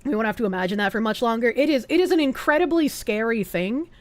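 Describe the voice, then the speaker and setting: A woman's voice: a little high, animated, quick pace, no echo. A woman streamer giving casual, earnest reaction commentary and swearing now and then.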